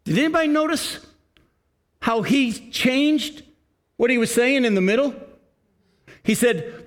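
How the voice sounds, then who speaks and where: An older man preaching a sermon, reading scripture slowly and emphatically and then talking to the congregation in an earnest, conversational way. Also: very high voice, lively intonation. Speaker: pastor.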